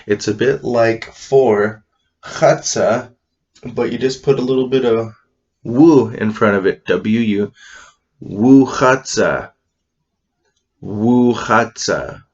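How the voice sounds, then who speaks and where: A man's voice: mid-range voice, fairly even intonation, slow pace, darkish tone. A man teaching a language class, patiently spelling out and repeating each word three times for learners to follow. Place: classroom with a board. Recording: dull lo-fi sound.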